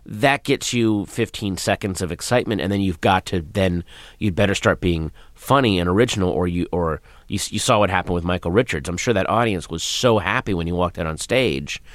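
A comedian in a radio studio, speaking in a low voice. He answers thoughtfully, often trailing off into quieter asides. The sound is dry with no room echo. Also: brisk. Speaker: comedian guest. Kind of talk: interview answers.

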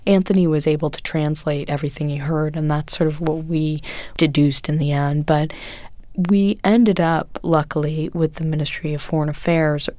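Interview guest, woman in her forties: low-pitched, earnest, measured delivery, dry studio sound. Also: fairly even intonation, a little mellow, no room sound. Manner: earnest, measured storytelling with frequent fillers. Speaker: guest, photojournalist. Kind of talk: recounting experiences in an interview.

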